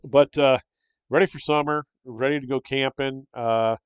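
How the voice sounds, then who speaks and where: A man's voice: mid-range voice, fairly even intonation, normal speed, clean tone, no room sound. An older man from Michigan hosting his own show, chatting in a rambling, friendly way with many fillers and restarts. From Michigan, USA. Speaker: podcast host. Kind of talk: casual solo monologue. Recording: slightly dull, dry close-mic recording.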